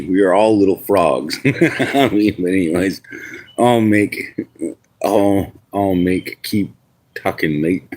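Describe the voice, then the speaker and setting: Livestreamer, man from New York, lowish voice, rambling and profane, talks straight to chat. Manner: rambling, frequent restarts and swearing, chats to viewers. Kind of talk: casual live stream rant.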